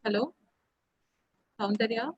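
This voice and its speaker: A woman hosting a webinar over a video call, talking haltingly with many fillers. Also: a little high, husky, lo-fi sound. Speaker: webinar host.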